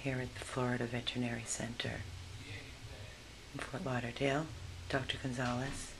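A woman's voice: rumbling low, flat delivery, normal speed. A woman dog rescuer at a vet clinic, switching between baby talk and soothing whispers to a frightened dog and plain narration. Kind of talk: casual vlog narration and talk to dogs. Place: veterinary clinic indoors. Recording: clear background noise.

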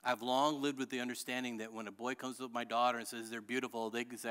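A middle-aged male pastor preaching a sermon with passion, rising at times to shouting. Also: mid-range voice, level tone, fast talker, clean tone. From Illinois. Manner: impassioned preaching that builds to shouting. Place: church sanctuary.

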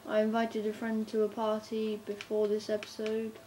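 A woman chatting casually as she narrates her gameplay, talking to herself and breaking into bursts of excitement. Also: mid-range voice, moderate pace. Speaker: gamer narrating her play. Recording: faint background noise.

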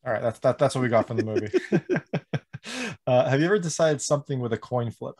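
A man conducts a casual interview, friendly and a touch hesitant as he works through his questions. He laughs readily. His voice sits at a middle pitch. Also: very fast, darkish tone.

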